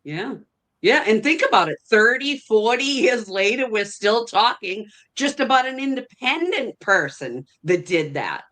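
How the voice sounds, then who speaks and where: A woman co-hosting a podcast, adding slow, reflective comments. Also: on the high side, expressive, a bit bright. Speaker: podcast co-host. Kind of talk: casual chat.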